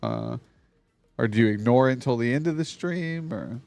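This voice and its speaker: Man, live streamer, casual chat, gravelly voice, dry close sound, swears a lot. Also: medium pitch, huge pitch swings, normal speed, a little mellow, dry recording, soft background music. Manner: loose and profane, talks to his chat. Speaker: streamer hosting a guest. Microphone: streaming mic on a mixer.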